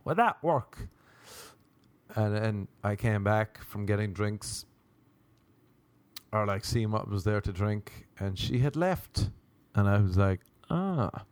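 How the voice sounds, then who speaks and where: A young man doing a rambling, profane comedic monologue as a comedian, slipping into quick impressions. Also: on the low side, fairly even intonation, darkish tone, clear, resonant tone, dry recording.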